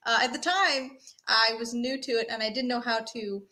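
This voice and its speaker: A woman guest joining a livestream over a remote call, speaking a little high with a bright, forceful tone. She chats freely and keeps breaking into giggles. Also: moderate pace. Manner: giggly and chatty. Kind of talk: casual livestream chat. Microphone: remote call, delayed.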